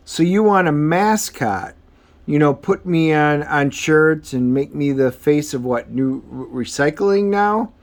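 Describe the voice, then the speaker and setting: A man's voice: a little high, measured pace. A man voicing a weary, wry retired superhero while reading comic dialogue aloud in a casual, offhand way.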